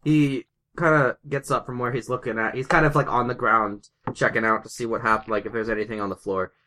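A man narrating a tabletop game as game master, casual and halting. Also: mid-range voice, fairly even intonation, sharp tone, slight background noise. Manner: casual, halting, hesitant fillers.

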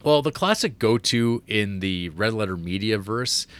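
Podcast co-host, male, slightly low voice, loose rambling delivery full of restarts. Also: expressive, a little slow, a bit bright. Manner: rambling, laughing, many fillers and restarts. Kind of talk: casual movie chat.

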